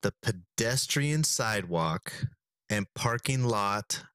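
A young man co-hosting a comedy podcast, telling a long, animated rambling rant. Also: on the low side, slow, smooth, dry recording, clean studio sound. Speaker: podcast co-host. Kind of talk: casual comedic podcast chat.

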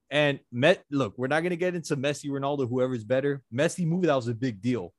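A man's voice: mid-range voice, lively intonation, brisk, hardly any pauses, no room sound, studio quality. A man hosting a casual sports chat, laid-back and slangy, often restarting his sentences. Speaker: podcast host.

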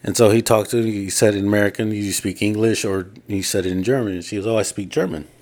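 Low-voiced rambling male podcast storyteller. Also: little pitch movement, quick pace, darkish tone. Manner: rambling storyteller, quotes people in his own voice. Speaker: podcast co-host. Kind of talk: casual chat.

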